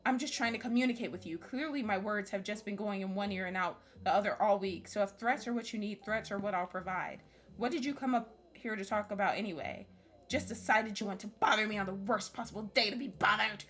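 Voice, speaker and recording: A woman reading aloud the lines of a stressed, threatening woman boss from a story game, in a low hissing voice. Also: fairly quick, a bit bright, lightly acted. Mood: irritated.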